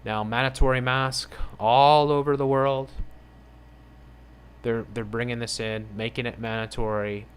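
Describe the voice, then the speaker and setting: A man's voice: medium pitch, fairly even intonation, a little slow, smooth. A man hosting his own channel, reading news headlines aloud and ranting about them with indignant, sarcastic asides. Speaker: channel host.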